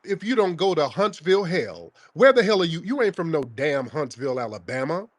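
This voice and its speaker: A man's voice: fairly high pitch, sing-song, fairly quick, a crowd in the background. A man hosting a call-in podcast, arguing with a caller in a combative, mocking way and repeating his questions. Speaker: podcast host taking calls. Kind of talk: heated call-in argument.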